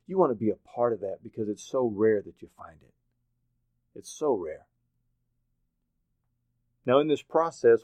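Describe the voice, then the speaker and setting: A man from Oklahoma giving a motivational talk, telling stories with lively put-on voices and laughs. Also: mid-range voice, dry recording. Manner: animated storytelling, acts out voices and laughs. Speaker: motivational speaker. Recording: dry, phone-like narrow sound.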